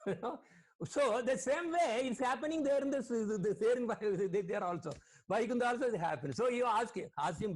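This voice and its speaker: A man's voice: high voice, lively intonation, a little fast. A man, a spiritual teacher, giving an online sermon over a video call, quoting Sanskrit verses and questioning his listeners.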